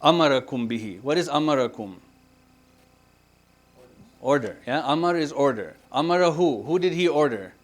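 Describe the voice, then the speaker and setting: A man leading a religious grammar class, asking his students questions, repeating their answers and reciting scripture quickly. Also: fairly high pitch, lively intonation. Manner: recites Quranic Arabic quickly. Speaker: religious teacher. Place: mosque centre classroom.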